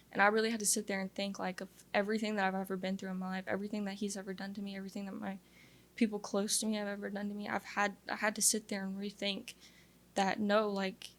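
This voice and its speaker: A woman's voice: medium pitch, little pitch movement, fast talker. A young woman from Louisiana telling her personal testimony as an interview guest, in an earnest, confessional way with lots of "like" fillers.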